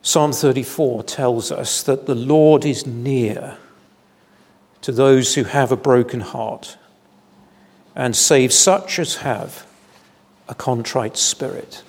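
A man preaching an evening sermon in a church, measured and deliberate, with solemn emphasis. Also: medium pitch, darkish tone. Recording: long hall reverb.

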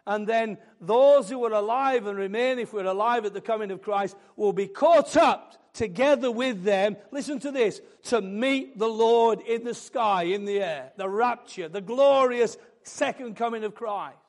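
A man preaching a sermon, building fervently into loud, emphatic declarations. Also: high voice, measured pace, few pauses.

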